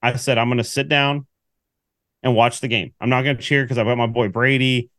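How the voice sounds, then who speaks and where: A man co-hosting a casual sports podcast, telling a story with lively acted-out quotes. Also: mid-range voice, a little fast, dry recording, clean studio sound. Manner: animated storyteller, acts out quotes. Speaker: podcast co-host.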